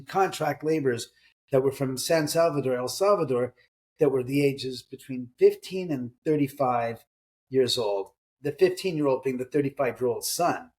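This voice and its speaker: A man's voice: mid-range voice, darkish tone. A middle-aged man, an author, telling ghost stories in a casual interview, acting out quoted voices and swearing now and then. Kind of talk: conversational storytelling in an interview.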